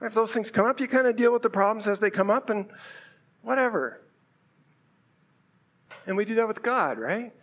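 Pastor, male, high voice, easygoing conversational sermon delivery. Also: moderate pace, pauses often. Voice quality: conversational, animated preaching with rhetorical questions.

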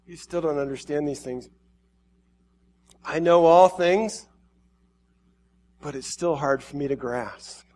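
A man's voice: on the high side, takes it slowly, long pauses, a little mellow. A man preaching, speaking as a grieving, loving god who pleads tenderly with humanity. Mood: pleading.

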